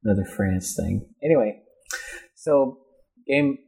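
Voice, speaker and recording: A young man co-hosting a casual podcast, teasing and blunt, reading forum posts aloud haltingly. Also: lowish voice, lively intonation, creaky, darkish tone, slightly rough. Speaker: podcast co-host. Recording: amateur home podcast recording.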